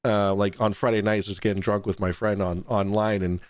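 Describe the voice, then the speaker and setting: A man hosting a casual online talk show, rambling and restarting sentences, quick to laugh. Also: on the low side, little pitch movement, a little mellow, clean tone, no room sound. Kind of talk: casual podcast chat.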